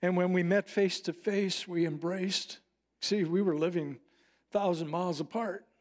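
A middle-aged male pastor delivering a sermon in an earnest, heartfelt way. His voice sits a little higher than most men's, and he slows deliberately on phrases he wants to land. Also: steady tone, darkish tone. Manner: earnest, personal storytelling with slowed emphatic phrases.

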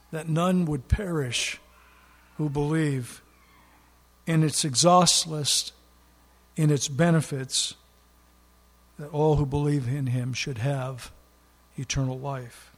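A man's voice: a little high, slow pace. A man preaching a sermon in an earnest way, leaning hard on key words for emphasis. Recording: long hall reverb.

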